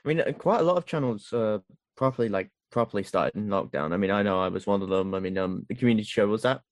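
A man hosts a relaxed podcast interview. He speaks calmly and murmurs along often. The recording is dry and close. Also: on the low side, fast talker, dry recording. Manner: calm, lots of murmured mm and hmm. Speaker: podcast host.

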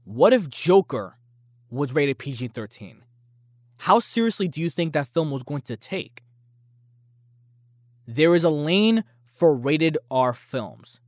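A man's voice: a little high, sing-song, slow, long pauses, no echo, clean studio sound. Brash man hosting a podcast. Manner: brash, boastful and challenging. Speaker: podcast host. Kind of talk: casual opinion podcast.

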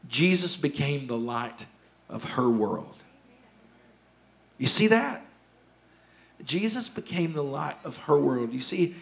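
A man preaching a sermon as pastor in a church, urgent and impassioned, repeating key phrases and dropping to hushed tones. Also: fairly high pitch, vocal fry. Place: church sanctuary.

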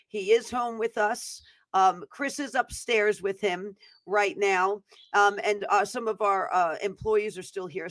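A woman's voice: medium pitch, no echo. Earnest, devout woman host, dry sound. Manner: earnest and devout, loose and chatty with fillers. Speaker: host of a prophetic teaching show. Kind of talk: prayer and casual update before teaching.

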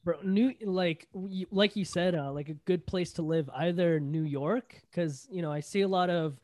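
High-voiced slangy young man, Toronto accent. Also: moderate pace, a little mellow, no room sound. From Toronto, Canada. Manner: slangy, rambling, full of fillers. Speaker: podcast co-host. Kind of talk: casual chat.

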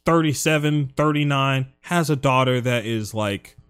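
A man's voice: mid-range voice, fairly bright tone, clear, resonant tone, soft background music. A young man hosting a casual podcast chat, blunt and profane. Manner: blunt, swearing, quick reactions and laughs. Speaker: podcast host.

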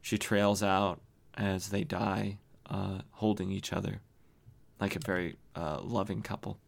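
A man's voice: low voice, flat delivery, a little slow, vocal fry. A man hosting a podcast, recapping comic books in an enthusiastic, chatty way with many fillers. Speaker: podcast host. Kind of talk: casual comic book recap.

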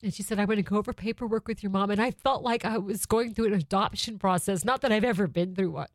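A woman's voice: medium pitch, quick pace, no room sound, studio quality. Heartfelt woman telling a family story. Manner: heartfelt, emotional, conversational. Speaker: mother sharing a family story. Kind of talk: personal storytelling monologue. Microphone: microphone, close.

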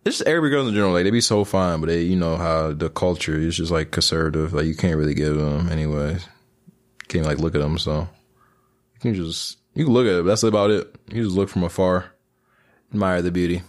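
A man's voice: low voice, steady tone, brisk. A young man from Michigan hosting a casual solo podcast, rambling and joking in crude slang. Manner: breaks into silly freestyle rap bits. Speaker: podcast host.

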